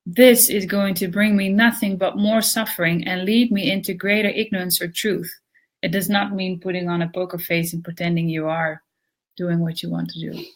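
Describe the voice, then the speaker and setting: A woman co-presenting a yoga lesson, reading the commentary aloud in a steady, measured way. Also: lowish voice.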